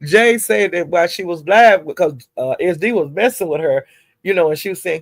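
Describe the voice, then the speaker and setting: A woman's voice: fairly low pitch, lively intonation, fairly quick, no echo. Woman, gossip vlogger, chatty, cussing freely, chuckles between stories, dry close sound. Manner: chatty, profane, laughing asides. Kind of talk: casual gossip storytelling.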